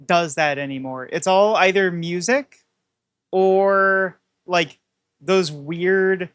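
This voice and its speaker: A woman's voice: lowish voice, takes it slowly, smooth, dry recording. A woman streamer giving casual game commentary with wry, chatty, sarcastic asides. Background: faint game music.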